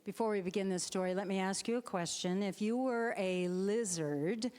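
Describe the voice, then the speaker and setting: A woman telling a children's story to a congregation in an animated, expressive way. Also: mid-range voice, normal speed. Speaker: storyteller, board president. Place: church sanctuary. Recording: long hall reverb.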